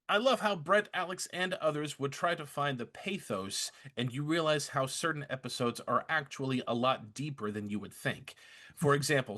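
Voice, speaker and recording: A male podcast host reads fan emails aloud to his co-hosts. His voice swings up and down with lively intonation, and he stumbles and restarts often as he goes. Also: medium pitch. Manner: lively, halting with restarts and fillers.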